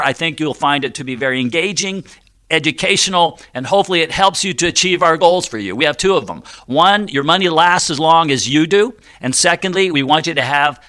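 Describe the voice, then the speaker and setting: A middle-aged man hosts a finance show on studio radio, chatty and fond of jokes. His voice sits a bit high for a man and sounds bright and forceful. He explains step by step, with many ums and restarts. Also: clean tone. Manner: chatty, jokey, explaining step by step with frequent fillers. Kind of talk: conversational radio talk.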